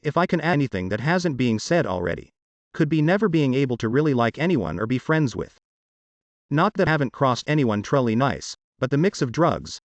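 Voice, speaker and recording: A man reads online posts aloud as a channel's narrator. His delivery is matter-of-fact, yet his pitch rises and falls freely. The sound is close and dry, with no room around it. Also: no echo, lo-fi sound.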